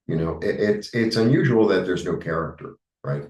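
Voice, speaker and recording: A man with a New York accent giving a rambling, halting tarot reading, full of fillers. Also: low voice, animated, darkish tone, roomy sound, far from the mic, lo-fi sound. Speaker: tarot reader. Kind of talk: casual spiritual monologue.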